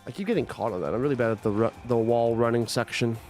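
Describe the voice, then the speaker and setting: A man's voice: medium pitch, fast talker, darkish tone, faint music behind. Rambling young man chatting over gameplay. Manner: rambling, full of "like" and restarts. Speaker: gaming streamer. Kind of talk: casual chat while playing a game.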